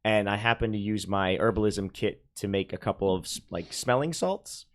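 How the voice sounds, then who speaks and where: Man, tabletop game player, low voice, rambling, hesitant. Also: normal speed. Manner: rambling, hesitant, with many restarts. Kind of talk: role-playing a character in a tabletop game.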